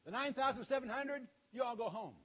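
A man playing God as a calm reassuring commander. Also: extremely high pitch, fairly quick, pitched above the performer's own voice. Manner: reassuring, matter-of-fact. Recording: dull lo-fi sound.

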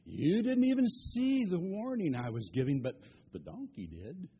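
A man voicing God as a solemn, stern, commanding figure, speaking low and grave. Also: big pitch swings, moderate pace, husky, lo-fi sound, heavily acted.

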